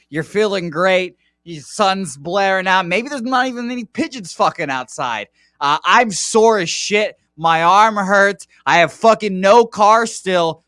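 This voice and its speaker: A man's voice: sits high, bright, forceful tone, smooth, dry recording, clean studio sound. A man hosting a sports betting show, ranting angrily and swearing heavily in casual talk. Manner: angry profane rant. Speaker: host.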